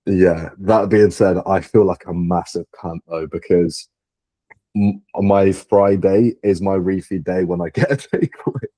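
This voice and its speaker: A man's voice: sits low, steady tone, a little slow, mellow, no room sound. A young man co-hosting a podcast, laid-back and chatty, laughing often and swearing casually. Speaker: podcast co-host. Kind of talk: casual chat.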